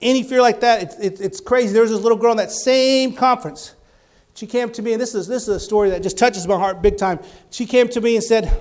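A male preacher giving a sermon, telling healing stories and rising to loud, fervent exclamations. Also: sits high, quick pace.

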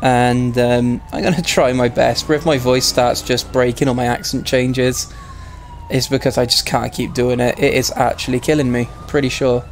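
Hoarse man streaming a game. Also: medium pitch, level tone, normal speed, slight background noise. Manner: chatty, laughs at himself. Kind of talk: casual game commentary.

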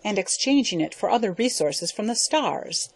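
A woman's voice: medium pitch, lively intonation, moderate pace, creaky, breathy edge, voice pushed up. A woman reading an audiobook, voicing an earnest, loyal young man who answers tightly. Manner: tight, earnest, slightly indignant.

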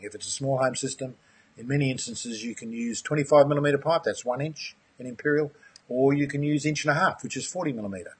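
Male instructor, husky voice, friendly live-webinar teacher who chats with viewers. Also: mid-range voice. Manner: friendly, enthusiastic, addresses viewers as mate. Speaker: aquaponics course instructor.

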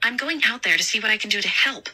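A woman's voice: on the high side, fast talker, bright, forceful tone, husky, voice pushed up, full character voice. A woman voicing Nina, a frightened, determined young woman. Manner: urgent, breathless, alarmed. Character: frightened brave young woman, mall worker.

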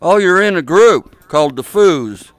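Guy on a vr headset mic, smooth and a bit high, crude teasing banter, dry sound. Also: animated, measured pace. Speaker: VR chat YouTuber. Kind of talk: casual joking commentary. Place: social VR game room.

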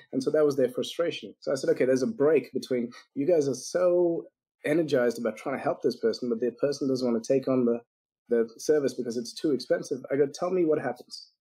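A man's voice: mid-range voice, a little fast, mellow, husky, poor audio. A man guest on a business podcast, telling stories animatedly, acting out quoted lines and laughing often. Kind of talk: podcast interview storytelling.

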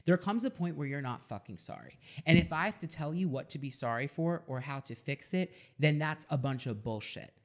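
A woman's voice: very deep voice, a little fast, few pauses. Woman host, blunt and emphatic, swears a lot, casual podcast chat.

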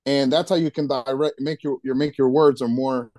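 Halting, dry-mic'd man giving DJ advice. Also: medium pitch, steady tone, mellow, no room sound. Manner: halting, with many restarts and repeated words. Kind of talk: casual podcast chat.

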